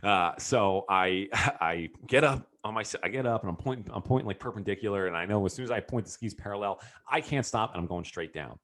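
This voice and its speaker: A man telling a personal story in a casual, animated way and turning it into a lesson for entrepreneurs. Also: fairly low pitch, fairly quick, hardly any pauses. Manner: animated, lots of fillers and restarts. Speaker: business coach speaking to entrepreneurs.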